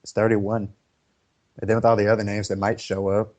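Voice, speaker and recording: A man co-hosting a casual podcast, trading quick, reactive banter. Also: lowish voice, little pitch movement, darkish tone. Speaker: podcast co-host.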